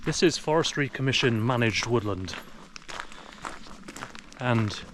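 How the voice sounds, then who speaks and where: A man's voice: mid-range voice, lively intonation, unhurried. Outdoor vlogger, English man, chatty, recorded on a camera in the woods with wind noise. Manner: chatty, talks to his dog in a raised sing-song voice. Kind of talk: casual walking commentary. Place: outdoors in a forest. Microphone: action camera.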